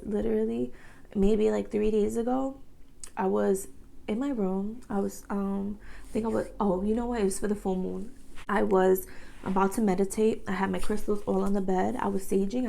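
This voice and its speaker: A woman's voice: mid-range voice, vocal fry, darkish tone, rough recording. A woman of thirty talking earnestly to camera as a beauty vlogger, with lots of "like" and repeated phrases. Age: 30s. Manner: earnest, repetitive, fillers like "like". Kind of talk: emotional personal talk to camera. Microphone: camera mic, facing camera.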